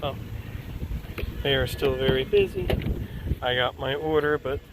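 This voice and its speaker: A man's voice: medium pitch, wildly swooping pitch, unhurried, background noise. A man talking casually as a delivery driver, chatty and amused, often laughing as he tells his stories. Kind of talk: casual vlog narration. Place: in a car and walking between stops.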